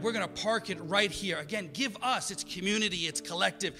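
High, bright-voiced man preaching a sermon. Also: a little fast, hardly any pauses, big-room sound, faint music behind. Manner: preaching, builds from soft to loud and emphatic. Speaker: pastor.

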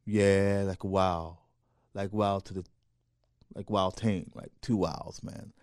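Animated man telling a parable. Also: deep voice, takes it slowly, gravelly, no room sound, studio quality. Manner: animated, acts out voices in a parable. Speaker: show host. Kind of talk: storytelling talk.

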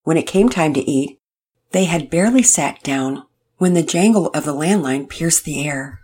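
A woman narrating a storybook in a steady, plain manner. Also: deep voice, normal speed, very noisy.

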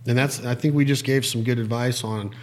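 A man in easy conversation, telling a story with real momentum. His voice sits at an ordinary middle pitch, and he jumps into quick impressions when he quotes someone. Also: steady tone. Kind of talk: casual storytelling chat.

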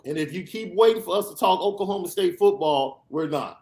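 A man's voice: high voice, expressive, fairly quick, hardly any pauses, darkish tone. Emphatic sarcastic podcast host man. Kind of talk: animated sports podcast rant.

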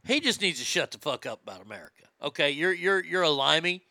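A man hosting a comedy show, ranting loudly and profanely and mocking celebrities. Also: fairly high pitch, big pitch swings, quick pace, no echo. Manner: loud, profane, mocking, laughs at own jokes. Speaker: comedy podcast host. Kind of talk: crude comedic rant.

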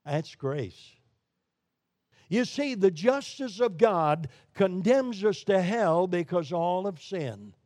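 A man's voice: high-pitched, very animated, takes it slowly, no room sound. Emphatic male preacher, dry sound. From Brooklyn, New York. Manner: emphatic preaching with sharp rises and drops in volume. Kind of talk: sermon.

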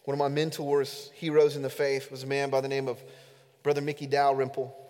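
A man's voice: mid-range voice, completely flat delivery, a little fast, darkish tone. A man who is a pastor, preaching an earnest, emphatic sermon to his congregation during a church service. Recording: echoey hall with long reverb.

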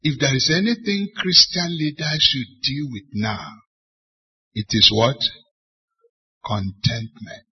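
A middle-aged Nigerian man, a bishop, preaching a sermon to church leaders with emphatic rhetorical questions and loud bursts of stress. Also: medium pitch, slow, pauses often, breathy edge. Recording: dull lo-fi church recording.

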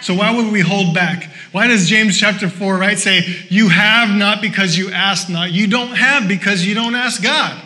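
A male pastor preaches with a high-pitched voice. His tone is bright and ringing. He keeps the sermon conversational and playful, then drives his points home with short, repeated urgings. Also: normal speed, few pauses. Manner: lively and conversational, with joking asides; exhorting, repeating short phrases.

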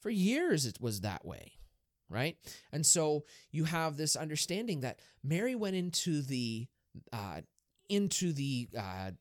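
A man, a Catholic priest, talking in a casual podcast discussion, explaining things in a lively way and asking rhetorical questions. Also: a little high, dry recording, clean studio sound. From Erie, Pennsylvania, US.

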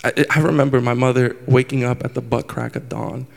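A man's voice: medium pitch, fairly even intonation, a little fast, vocal fry, big-room sound. A man in his twenties preaching a candid, self-deprecating sermon, often restarting his sentences. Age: 20s.

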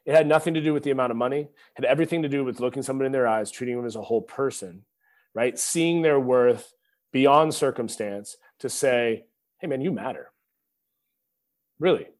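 A man's voice: medium pitch, fast, darkish tone. Earnest man telling a story. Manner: earnest, preacherly, addresses listeners as y'all. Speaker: podcast guest, former linebacker. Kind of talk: reflective storytelling.

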